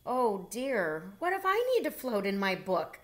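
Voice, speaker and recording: A woman voicing a timid, fussy young male bear in a read-aloud storybook, anxious and excitable. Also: mid-range voice, unhurried.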